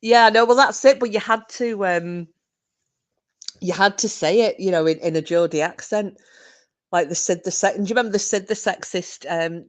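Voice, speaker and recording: A woman hosting a podcast, reminiscing in casual chat, giggly and full of fillers. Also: on the low side. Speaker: podcast host.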